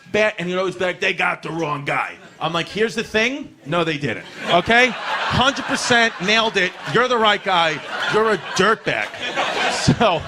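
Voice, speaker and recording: Brash New comedian, profane storyteller. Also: male voice, high-pitched, background noise. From New York. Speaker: stand-up comedian. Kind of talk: stand-up routine. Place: comedy club stage. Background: audience laughter.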